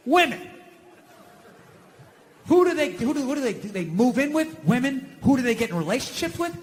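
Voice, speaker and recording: A man doing profane, exasperated stand-up comedy, ranting and acting out shouted confrontations. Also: very high-pitched, big pitch swings, brisk, long pauses, slight background noise. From United States.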